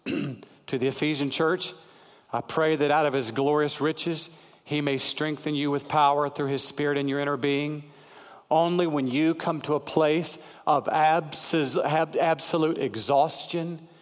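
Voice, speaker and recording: A man preaching a sermon, slow and emphatic, repeating key phrases. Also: a little high. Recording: long hall reverb.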